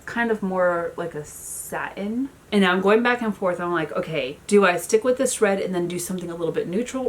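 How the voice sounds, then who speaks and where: A woman in her thirties talks through a makeup routine at home in a relaxed, chatty way, peppering her sentences with "like". Her voice sits a little low in pitch, with faint noise behind it. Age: 30s. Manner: chatty storyteller, many "like" fillers. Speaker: beauty vlogger. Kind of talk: casual makeup tutorial chat.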